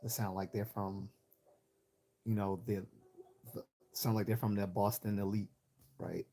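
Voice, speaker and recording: Reading chat on his livestream, this Chicago-born host with a Northeastern American accent rambles, shares opinions and keeps restarting his sentences. He speaks at a measured pace in a warm, level, fairly low voice.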